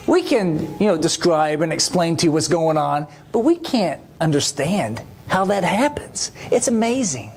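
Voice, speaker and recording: A man's voice: high voice, darkish tone, a little hiss or hum. A man preaching a sermon, telling stories in a folksy way with many fillers. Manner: folksy storytelling with frequent fillers. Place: church sanctuary.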